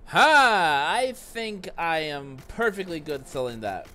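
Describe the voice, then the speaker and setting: Man, let's play commentary, casual and chatty, slightly high voice, lively swings in pitch. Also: soft background music. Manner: chatty, talks to himself and chat, quick reactions.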